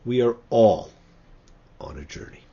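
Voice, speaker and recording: A man's voice: lowish voice, expressive, measured pace, mellow, breathy edge, dull audio. A man, a rabbi, giving a sermon-style talk on his show, reading scripture with dramatic, emphatic swings.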